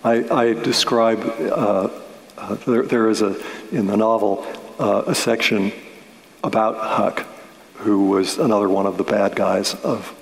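A man's voice: fairly low pitch, fairly even intonation, a little slow. A man, a novelist, talking through his book in a thoughtful, detailed way, often restarting his sentences. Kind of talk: relaxed radio-style discussion. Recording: roomy with long reverb.

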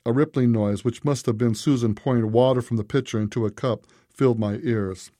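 Dark-voiced man narrating a story. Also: medium pitch, fairly even intonation, brisk, dry recording, studio quality. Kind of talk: scripted narration.

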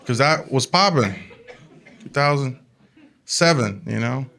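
A man telling a comic family story in an animated way, laughing along as he talks. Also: medium pitch, unhurried, vocal fry. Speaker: comedian. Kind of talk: comedic storytelling.

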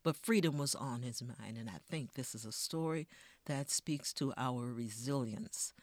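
A woman's voice: measured pace, dry recording. Woman telling a story, lots of swing in her voice, dry close sound. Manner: expressive, rhythmic storytelling with wide swings in pitch and volume. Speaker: storyteller guest. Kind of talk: oral storytelling and interview.

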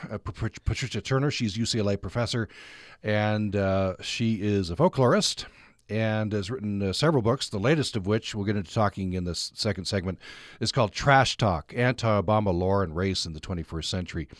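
A man with a Utah accent hosting a radio interview, relaxed and conversational with many fillers. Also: on the low side, brisk, no echo, studio quality. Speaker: radio host. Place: radio studio. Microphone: studio microphone.

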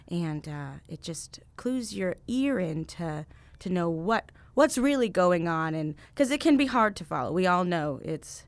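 A woman stage actor explaining her craft as a radio guest, with fillers and drawn-out words. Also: lowish voice, expressive.

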